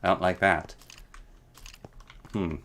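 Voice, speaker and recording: A man's voice: low voice, flat delivery, takes it slowly, a bit bright, a little hiss or hum. A man chatting playfully through a gameplay stream, rambling with jokey asides. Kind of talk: casual gameplay commentary. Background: background music and keyboard typing.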